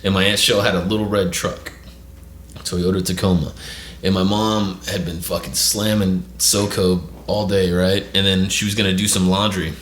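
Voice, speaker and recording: A man's voice: low voice, little pitch movement, moderate pace, a bit bright. Rambling foul-mouthed man telling a story. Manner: profane, rambling, says "right?" often. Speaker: podcast host. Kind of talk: casual storytelling. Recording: echoey room with faint noise.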